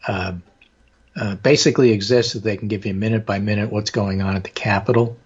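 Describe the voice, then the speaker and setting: Hoarse man talking politics, muffled sound. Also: lowish voice, fairly even intonation, brisk. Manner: discursive, with frequent fillers. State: hoarse from allergies. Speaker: political talk show host. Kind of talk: casual political talk.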